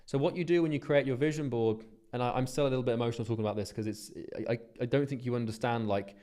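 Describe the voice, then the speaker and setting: A man's voice: medium pitch, rapid-fire, warm tone. A man, talking earnestly and bluntly in a motivational vlog monologue, swearing freely and restarting his sentences. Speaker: business coach.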